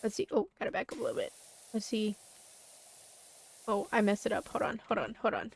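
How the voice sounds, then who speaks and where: A woman's voice: mid-range voice, big pitch swings, brisk, breathy edge. A woman streaming a game, chatting casually and muttering to herself as she plays. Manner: mutters to herself while playing.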